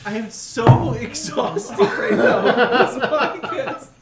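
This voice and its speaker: A man's voice: very high-pitched, takes it slowly, creaky, a loud crowd. A man co-hosting a podcast, confused and giggly in tipsy casual banter. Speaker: podcast co-host. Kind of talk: casual chat. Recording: echoey room with loud noise.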